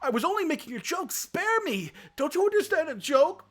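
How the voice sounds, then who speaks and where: A man voicing a cowardly young male deer who begs for mercy in a high, pleading voice. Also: big pitch swings, brisk. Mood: pitiful begging.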